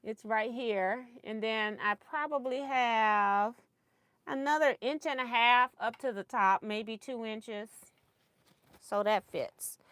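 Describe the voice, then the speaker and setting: Casual livestream sewing lady, slightly high voice, unhurried, chatty and giggly. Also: a bit bright, clear, resonant tone, no echo. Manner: chatty, laughs often, thinks aloud while sewing.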